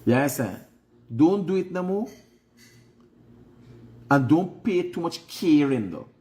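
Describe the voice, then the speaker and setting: A Guyanese man hosts a vlog, giving frank, preachy life advice in a casual monologue and repeating phrases for emphasis. His voice is on the high side and dark in tone, with lively intonation, and he takes his time.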